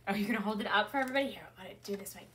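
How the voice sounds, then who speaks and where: A woman's voice: mid-range voice, rapid-fire, fairly bright tone, a little hiss or hum. A woman in her thirties, a mother hosting a casual unboxing with her kids, gushing and easily moved. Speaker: mother and channel host.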